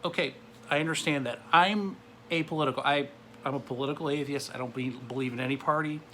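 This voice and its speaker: A man's voice: medium pitch, pushed and bright, a little hiss or hum. A man in his forties ranting to camera in a blunt, sarcastic way. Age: 40s. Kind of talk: political rant to camera.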